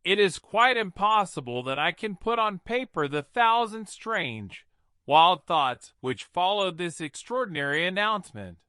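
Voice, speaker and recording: A man reading a classic adventure novel aloud in a measured, dramatic narration. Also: sits high, sing-song, bright, forceful tone, clear, resonant tone, no room sound, studio quality. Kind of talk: audiobook narration.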